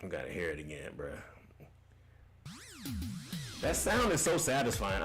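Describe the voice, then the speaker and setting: A man's voice: fairly low pitch, big pitch swings, a little slow, pauses often, over music. A young man hosting a casual gaming livestream, reading chat comments aloud, loose and profane, laughing often and repeating himself.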